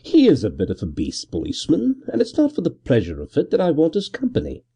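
A man voicing a suave, cheerful wealthy gentleman who speaks in a hearty, airy tone. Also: medium pitch, wildly swooping pitch, moderate pace, husky, full character voice.

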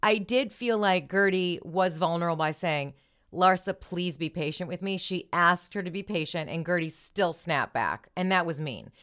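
A woman's voice: fairly low pitch, lively intonation, moderate pace, hardly any pauses, a bit bright, smooth. A woman hosting a podcast, retelling reality TV scenes in casual chat and acting out the quoted lines. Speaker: podcast host.

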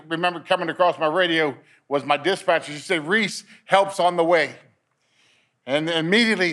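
A man with a slightly high, sharp-toned voice shares a personal testimony at a men's meeting. He tells his story in a narrative way, repeating words as he gets swept up in it.

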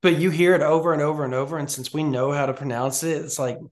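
A man's voice: fairly high pitch, fairly even intonation, quick pace. A man co-hosting a recruiting podcast, chatting casually and animatedly, often restarting his sentences. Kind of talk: casual sports chat.

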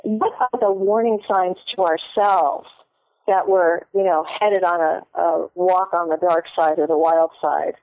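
Animated woman host on a tinny line. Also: lowish voice, measured pace, no echo. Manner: animated, restarts often. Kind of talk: casual interview questions.

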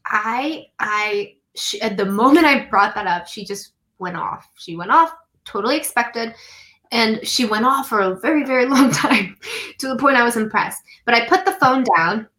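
A woman from the United States shares a personal story in a bright, fairly high voice. She speaks earnestly and from the heart, often saying "um" and "like", and slows down to stress key lines. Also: expressive, poor audio. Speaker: guest.

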